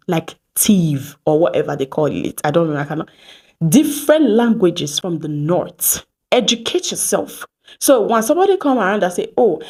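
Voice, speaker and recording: A Nigerian woman in her thirties from Edo State, telling stories to camera in a lively vlog, slipping into Pidgin and acting out what people said. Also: medium pitch. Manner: animated, mixes Pidgin phrases, acts out quoted exchanges. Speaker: vlogger. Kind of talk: casual storytelling to camera.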